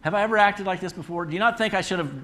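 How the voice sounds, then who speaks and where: A man's voice: high-pitched, rapid-fire, bright, forceful tone, voice pushed up. A preacher voicing a talking female donkey that pleads and reasons with her master. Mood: pleading.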